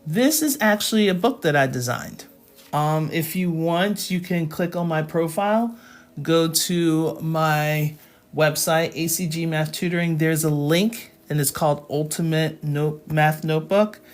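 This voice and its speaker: A woman's voice: low voice, measured pace, soft background music. A woman teaching a live math lesson, explaining each step patiently and checking in with her students.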